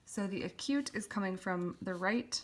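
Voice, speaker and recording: A woman's voice: medium pitch, moderate pace. A woman teaching a lettering lesson, explaining step by step in a patient way, with the odd filler. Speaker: calligraphy teacher.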